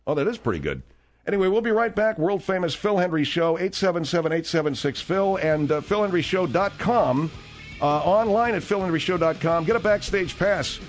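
A man hosting a comic talk radio show, gruff, mocking and impatient. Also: high voice, animated, a little fast, soft background music.

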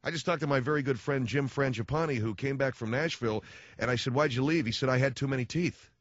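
A man's voice: mid-range voice, fast talker, no echo. A man hosting a radio talk show, rambling through a sarcastic, self-mocking comedic monologue. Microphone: studio microphone. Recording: dry, dull lo-fi radio studio.

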